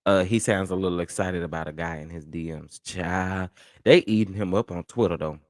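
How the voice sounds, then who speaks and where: Lowish male host, chatty and dismissive livestream commentary, dry close mic. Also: steady tone, moderate pace, dry recording. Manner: chatty, dismissive, laughs often.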